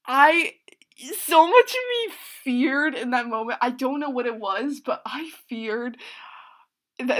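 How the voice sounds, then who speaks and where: A woman talking casually in a rambling, gushing way, full of fillers and restarts, sometimes bursting out loud. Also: high-pitched. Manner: excitable, swings into loud outbursts. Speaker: reaction show host. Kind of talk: casual film reaction monologue.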